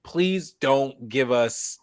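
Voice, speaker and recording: A man's voice: mid-range voice, animated, drawn-out words, no room sound. A man co-hosting a casual chat, taking his time over every sentence. His delivery stretches out and breaks into gushing laughter when something amuses him. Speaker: podcast co-host.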